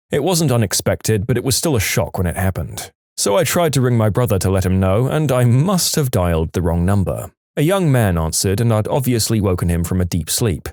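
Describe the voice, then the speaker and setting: Male podcast narrator, expressive reading, lively pitch, dry close mic. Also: dry recording. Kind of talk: scripted narration of reddit stories.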